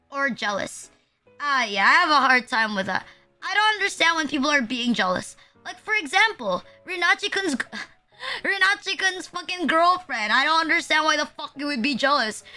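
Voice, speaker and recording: A young woman from the Philippines chats on her livestream in a high, bright voice. She rambles and swears freely, and her talk is full of "like." Faint music plays behind her. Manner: rambling, swears a lot, lots of "like". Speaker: VTuber streamer. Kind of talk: casual livestream chat.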